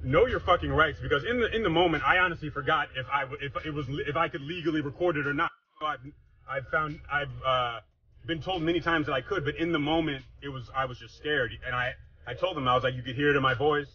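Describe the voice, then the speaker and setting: A man's voice: a little high, quick pace, far from the mic, muffled recording, slight background noise. A man from New York recounting a police stop while driving, speaking frankly and still rattled. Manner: nervous, then frank and rattled. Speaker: person stopped by police, then recounting it. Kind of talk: phone recording and driving vlog. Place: street, then in a car. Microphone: phone.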